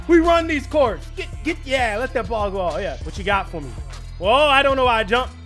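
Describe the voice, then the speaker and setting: Gaming commentator, male, high bright voice, hypes up every play, some shouting. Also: brisk, faint music behind. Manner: excitable, shouting at big plays. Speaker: gaming YouTuber. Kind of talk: live gameplay commentary.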